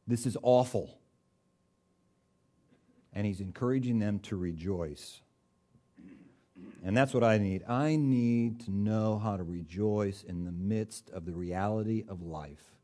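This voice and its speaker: A man's voice: lowish voice, a little slow, pauses often, dark tone. A man preaching a sermon in a conversational, folksy way, with touches of humor and rising bursts of emphasis.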